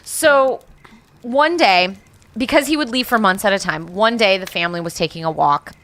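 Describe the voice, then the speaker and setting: A woman co-hosting a podcast, telling a ghost legend in casual chat with lively, profane asides. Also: mid-range voice, a little fast. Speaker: podcast co-host, storyteller.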